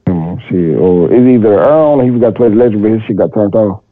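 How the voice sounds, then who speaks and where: A man's voice: fairly low pitch, racing. Crude joking man on a phone line. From Texas, US. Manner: crude, joking, animated storytelling. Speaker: podcast caller. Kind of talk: casual call-in podcast chat. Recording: tinny phone line, dry.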